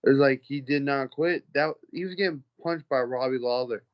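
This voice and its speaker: Man, fighter, interview guest, animated storyteller, profane, mid pitch, slightly muffled audio. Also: moderate pace. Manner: animated storyteller, profane, acts out the people he quotes.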